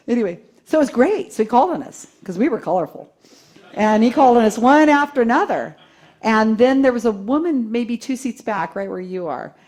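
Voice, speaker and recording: A woman giving a live talk to a seated audience, telling a story in an animated way, laughing and acting out quotes. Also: fairly high pitch, fairly quick. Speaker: conference speaker.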